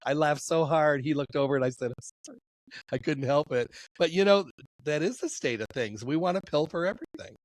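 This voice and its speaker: A man hosting a casual interview, telling stories in a lively way and acting out the people he quotes. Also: on the high side, a little fast, no room sound. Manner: animated storyteller, acts out quoted voices. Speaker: host.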